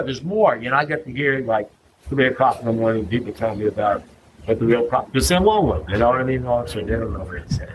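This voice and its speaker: At a recovery meeting, a man tells a funny story to a live audience, often checking in with "you know what I mean?" He acts out other people's lines by jumping into a higher voice, and the background is noisy.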